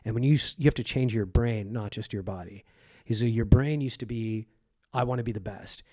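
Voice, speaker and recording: Animated man telling stories, from Egypt. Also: on the low side, brisk, dry recording, clean studio sound. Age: 40s. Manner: animated, acts out quoted voices, swears freely. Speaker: comedian guest. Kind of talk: casual podcast storytelling.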